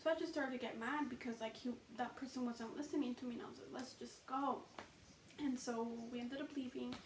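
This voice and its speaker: A woman's voice: sits high, fairly even intonation, quick pace, reverberant, recorded from a distance, a little hiss or hum, rough recording. A young woman telling a casual storytime vlog, chatty and profane, filling her talk with "you know" and "like". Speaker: vlogger.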